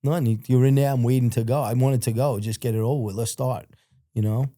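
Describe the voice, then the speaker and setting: A man with an American accent telling his life story in a casual interview, blunt and profane, growing animated when he quotes other people. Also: mid-range voice, fast, dry recording, clean studio sound.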